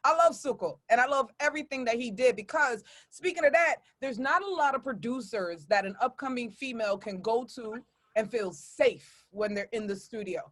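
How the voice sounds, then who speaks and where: High-voiced woman hosting a podcast. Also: lively intonation, normal speed, a bit bright. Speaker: radio host. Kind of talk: casual interview chat.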